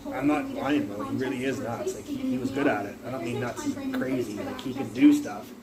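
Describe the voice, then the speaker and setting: A man's voice: mid-range voice, huge pitch swings, fairly quick, hardly any pauses, over a noisy crowd, rough recording. Rambling man on a phone livestream. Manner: rambling storyteller, swearing, jumping between topics. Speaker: livestream host. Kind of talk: rambling casual livestream chat.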